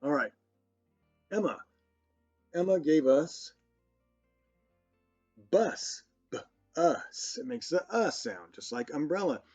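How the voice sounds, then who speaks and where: Slow, encouraging man teaching children. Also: on the high side, expressive, darkish tone, slightly rough. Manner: slow, encouraging, praising often. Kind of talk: children's phonics lesson. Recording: dull lo-fi sound with faint music.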